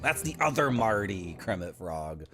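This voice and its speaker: A man's voice: fairly low pitch, very animated, measured pace. A man streaming a video game, casually commenting and joking with his chat. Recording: game music behind voice.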